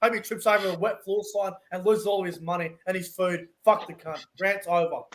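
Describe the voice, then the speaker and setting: A man's voice: high voice, fairly even intonation, a little fast, a bit bright. An Australian man, a podcast guest, ranting heatedly and swearing in casual chat.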